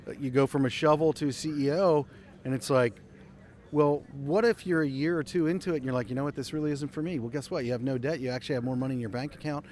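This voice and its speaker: Chatty podcast host, searching for words. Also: male voice, medium pitch, fast talker, darkish tone. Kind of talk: live podcast conversation. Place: outdoor trade skills event.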